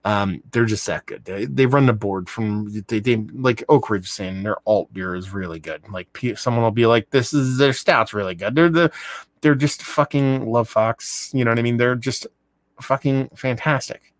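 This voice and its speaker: Male beer reviewer on a live stream: rambling, excitable, swears constantly, mid-pitched voice, dry sound. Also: moderate pace, no room sound. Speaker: beer reviewer hosting a livestream. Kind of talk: casual livestream chat. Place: home room.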